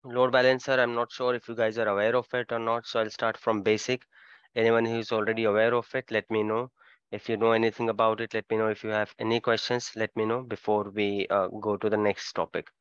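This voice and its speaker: A man's voice: lowish voice, level tone, brisk, clean tone, no room sound. A man teaching a live online class, his speech muffled, explaining step by step and repeating points. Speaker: cloud course instructor.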